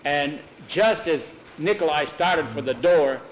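A man's voice: fairly high pitch, slow pace, a little hiss or hum, poor audio. A man telling an adventure story aloud in a plain spoken way, with some restarts. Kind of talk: dramatic oral storytelling.

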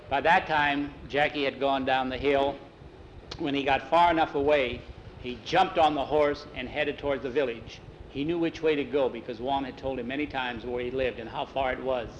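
A man telling a story aloud in a plain, unhurried way. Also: mid-range voice, fairly even intonation, slight background noise, poor audio. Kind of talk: oral storytelling.

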